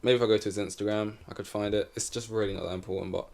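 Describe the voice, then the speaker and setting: Male podcast host, solo, loose and chatty, trips over himself, sits a bit low. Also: steady tone, rapid-fire, gravelly, darkish tone. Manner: rambling, self-correcting, swears casually. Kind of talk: casual solo chat. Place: in front of a camera.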